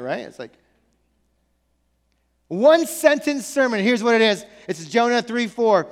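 A male pastor preaching a sermon in church, animated and conversational, with joking asides. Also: high voice, unhurried, long pauses. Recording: echoey church hall.

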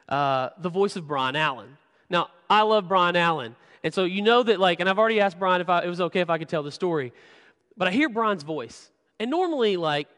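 A man's voice: high-pitched, fairly bright tone, in a large hall. A man preaching a sermon, telling a candid personal story and often repeating words as he stresses a point. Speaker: pastor. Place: church sanctuary.

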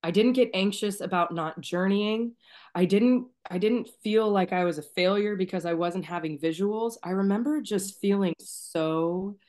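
A woman guest sharing a personal story in a soft-spoken, emotional way, sometimes near tears and trailing off quietly. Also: mid-range voice, moderate pace. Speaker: podcast guest.

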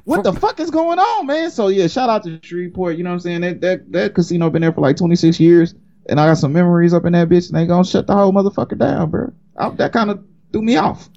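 A man's voice: high voice, expressive, quick pace, vocal fry, darkish tone, lo-fi sound. A young man co-hosting a podcast in casual chat, joking, cursing freely and getting worked up. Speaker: podcast co-host.

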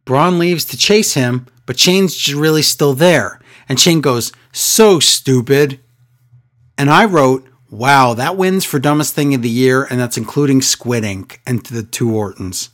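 A man's voice: medium pitch, unhurried, hardly any pauses, a bit bright. A man co-hosting a casual wrestling recap, sarcastic and exasperated, often mimicking wrestlers in a raised voice. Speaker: wrestling podcast co-host.

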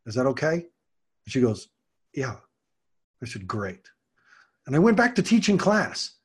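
A middle-aged man hosts a podcast monologue, offering earnest parenting advice and acting out quotes from kids and parents. He's a podcast host, parenting coach and martial arts teacher. His husky, medium-pitched voice swings hugely in pitch as he speaks slowly.

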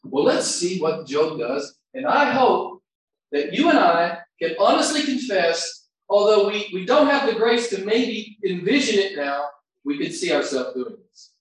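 A male pastor preaching a sermon, shifting between quiet reflection and loud shouts, recorded far from the mic in a large church hall. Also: high-pitched, big pitch swings, a little slow. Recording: very echoey hall, distant mic.

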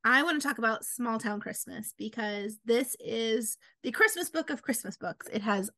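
A woman author telling stories in a casual chat, animated and acting out quoted lines. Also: moderate pace, dry recording. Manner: animated, acts out quotes with big pitch jumps. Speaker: author guest.

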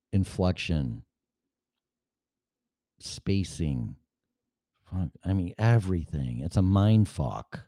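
A man's voice: sits low, warm tone, no echo, clean studio sound. A middle-aged man hosting his own podcast alone, talking in a rambling, casual and profane way. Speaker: podcast host. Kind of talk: solo podcast monologue. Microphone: studio mic with mixer.

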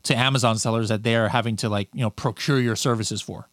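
Guy hosting a chat show, talks super fast, lots of uh and you know, dry sound. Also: medium pitch, fairly even intonation, a bit bright, no room sound. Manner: rambling, many fillers and restarts. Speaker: podcast host. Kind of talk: casual interview.

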